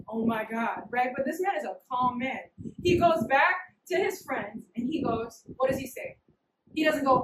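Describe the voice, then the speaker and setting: A woman's voice: sits high, normal speed. Young woman preaching, jokey and slangy, kinda far from the mic in an echoey room, faint hiss. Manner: animated, slangy, acts out little scenes. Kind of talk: casual, humorous sermon.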